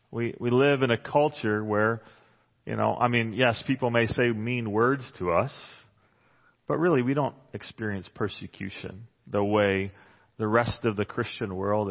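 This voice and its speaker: In a church hall, a pastor with a medium-pitched, gravelly voice delivers a conversational, joking sermon and reads Bible passages aloud. The sound is muffled, with long reverb from the hall.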